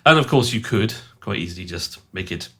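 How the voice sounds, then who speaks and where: A man's voice: low-pitched, expressive, fairly quick, fairly bright tone, husky. A man, a sound designer, gives a casual, rambling and self-mocking walkthrough of his synth patches.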